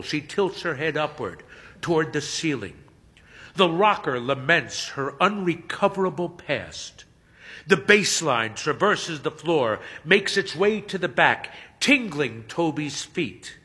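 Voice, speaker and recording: A man narrates a story slowly and expressively, his pitch rising and falling widely. His voice is bright and forward, and a long reverb trails after each phrase. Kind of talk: audiobook-style story narration.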